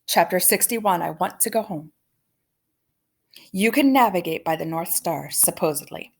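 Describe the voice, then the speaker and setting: Gravelly-voiced woman reading a storybook. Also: fairly low pitch, expressive, normal speed. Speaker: narrator reading aloud. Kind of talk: storybook read-aloud.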